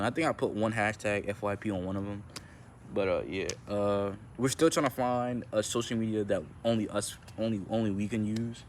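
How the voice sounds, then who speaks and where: A young man with a fairly low voice talks in a loose, rambling way, repeating words and circling back with slangy fillers. He sounds like he is chatting casually to his camera. A faint hum of ambient noise sits behind him. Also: steady tone, fairly quick. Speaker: content creator. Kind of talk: casual vlog talk.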